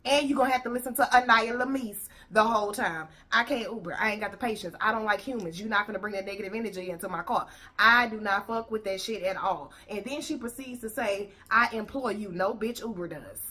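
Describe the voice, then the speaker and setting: A woman's voice: medium pitch, fast talker, hardly any pauses, pushed and bright. A woman host ranting bluntly and profanely as she reacts to a video.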